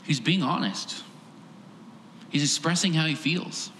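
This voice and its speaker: A man's voice: fairly high pitch, unhurried, bright, forceful tone, a little hiss or hum. A man preaching a sermon as pastor, earnest and emphatic, stacking repeated phrases for effect. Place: large church hall. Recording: echoey hall with long reverb.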